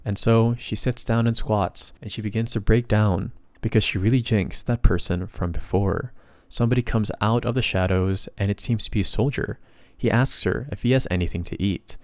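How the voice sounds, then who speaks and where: A man's voice: fairly low pitch, normal speed, dry recording. A man narrating a comic story recap in a casual, plain retelling style with bits of slang.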